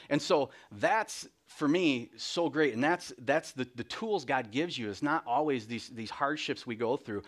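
A man's voice: mid-range voice, expressive, unhurried, hardly any pauses. A middle-aged man giving a candid, self-deprecating personal testimony in church, full of restarts and little laughs. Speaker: lay speaker.

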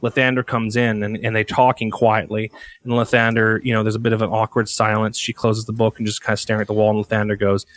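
A man in casual brainstorming chat, rambling and animated, swearing freely as he pitches ideas. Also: quick pace, no room sound. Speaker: writer brainstorming a story.

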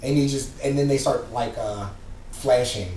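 A man casually recapping a TV episode, telling it in a loose, animated way with plenty of slang. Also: mid-range voice, moderate pace. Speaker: podcast co-host recapping a TV episode. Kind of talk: casual chat. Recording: roomy, distant mic, faint background hum.

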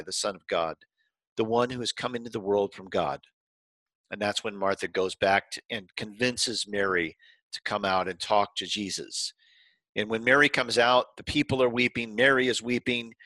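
A man preaching a sermon, retelling scripture in a conversational way, slowing down to stress key lines. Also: medium pitch, bright, forceful tone, no echo, low-quality recording. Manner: retells scripture conversationally, frequent restarts, emphatic slow stresses. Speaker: pastor.

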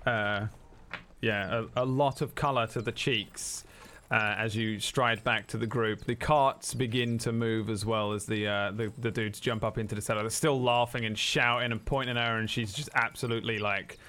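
A man's voice: fairly low pitch, steady tone, normal speed, pushed and bright. A man running a tabletop game as game master, narrating in a casual, rambling way full of fillers.

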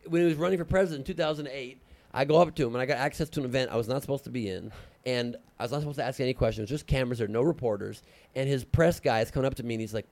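Comedian, late 30s, rapid-fire anecdotes, dry close mic. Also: male voice, medium pitch, no echo. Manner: fast, animated storytelling with fillers. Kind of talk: casual podcast chat.

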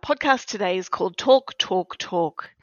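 A woman hosting a podcast, explaining in a measured, explanatory way and stressing key words. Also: medium pitch, animated, no room sound. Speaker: podcast host, practice faculty manager. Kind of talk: scripted-sounding podcast chat. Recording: dry, slightly dull lo-fi recording.

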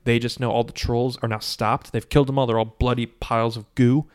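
A man's voice: medium pitch, fairly quick, smooth. A man casually retelling a movie plot, full of fillers, briefly putting on voices for characters. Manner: animated storytelling with many "like" fillers, acting out quotes. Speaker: podcast co-host recapping a movie. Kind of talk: casual chat.

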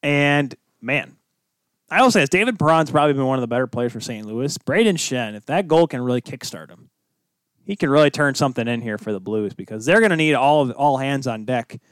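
Animated man hosting a hockey talk show. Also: mid-range voice, a little fast, clear, resonant tone, dry recording. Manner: animated, teasing, breaks into shouted bits. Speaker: podcast host. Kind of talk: casual sports chat.

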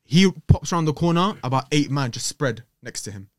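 A young man telling stories on a podcast, lively and animated, slipping into the voices of people in his stories. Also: on the high side, moderate pace, no room sound. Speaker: podcast guest. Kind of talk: casual storytelling chat. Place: podcast studio.

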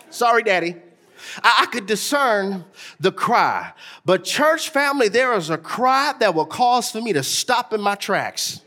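Man, pastor, very high voice, sermon, sing-song cadence, rising to shouts, talks to the church. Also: very animated, measured pace. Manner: talks straight to the congregation.

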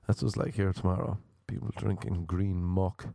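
A man's voice: low-pitched, fairly even intonation, normal speed, gravelly, mellow, no echo, studio quality. Sweary Irish man ranting dryly. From Ireland. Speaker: podcast host. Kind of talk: casual comedic monologue.

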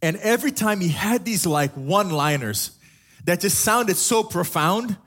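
A man's voice: sits high, lively intonation, a little slow, a bit bright. A young adult man from Africa, a pastor giving a sermon in a casual, storytelling way with humorous asides.

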